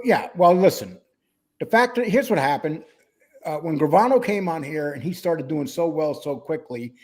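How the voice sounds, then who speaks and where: A man's voice: a little high, a little mellow. A man hosting a casual livestream podcast, blunt and matter-of-fact, reading out viewer chat.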